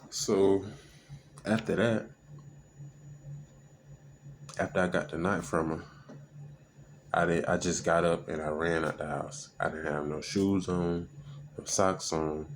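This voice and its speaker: A man's voice: deep voice, fairly even intonation, measured pace, a little hiss or hum. A man telling a personal story in casual, slangy talk that halts on fillers and restarts.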